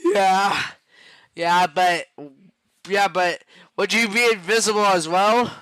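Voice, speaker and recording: A man in a casual chat who giggles throughout and trips over his words, repeating himself before each question. He talks very slowly in a high, bright voice. The recording is dry and close. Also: steady tone, clear, resonant tone, no echo, poor audio. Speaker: person chatting with an AI chatbot.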